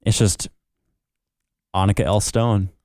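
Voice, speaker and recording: A man's voice: lowish voice, level tone, unhurried, darkish tone, dry recording. Young man laughing through a podcast chat. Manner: laughs often, reads aloud playfully. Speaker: podcast co-host. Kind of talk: casual chat, reading a listener email.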